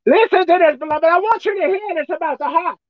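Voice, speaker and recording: A woman preacher delivering a folksy, emphatic sermon, swinging between shouting and hushed tones. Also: very high voice, quick pace, dry recording, lo-fi sound. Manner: folksy, colloquial.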